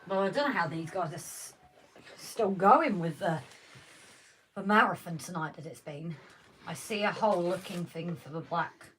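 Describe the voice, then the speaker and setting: A woman's voice: fairly low pitch, moderate pace, a bit bright. A woman co-hosting a livestream in casual, teasing chat while she works on a model. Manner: chatty, teasing banter. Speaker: co-host of a model railway livestream. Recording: distant mic with faint noise.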